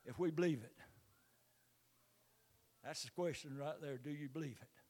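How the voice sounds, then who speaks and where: An older man preaching a sermon in a church, moving from low, quiet stretches to loud, impassioned calls. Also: moderate pace.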